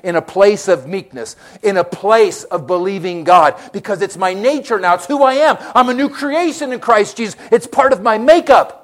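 Pastor, male, high voice, sermon delivery that swings from hushed to loud, questions the congregation. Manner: preaching, swinging from quiet to loud.

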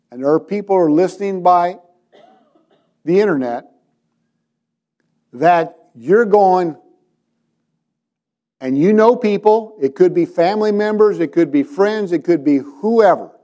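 Preaching in church, a man with a high, expressive yet dark-toned voice speaks slowly and pauses often. He retells scripture through quoted voices and questions his congregation directly.

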